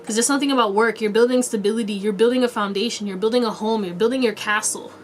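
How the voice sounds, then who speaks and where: A fast-talking woman with a highish voice reads tarot casually for her viewers, with a faint hiss or hum on the recording. Her delivery is chatty and playful, packed with slang and frequent laughs.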